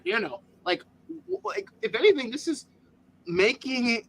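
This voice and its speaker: A man talks as a guest on a casual online show, bright and fairly high in tone. He gets animated and apologetic, his voice leaping up when worked up. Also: moderate pace, slight background noise. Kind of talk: casual podcast chat.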